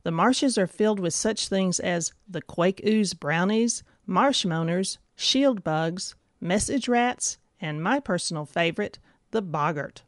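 Female reviewer, scripted, enthusiastic, lower pitch, dry sound. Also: animated, unhurried, hardly any pauses, no echo. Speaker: book reviewer. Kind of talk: scripted narration.

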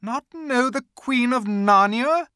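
A man's voice: very high voice, slow pace, pushed and bright, smooth, no room sound, clean studio sound, voice pushed up, full character voice. A man voicing a stern, haughty queen who questions a child coldly, in an audiobook reading. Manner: commanding, clipped. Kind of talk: audiobook character voice.

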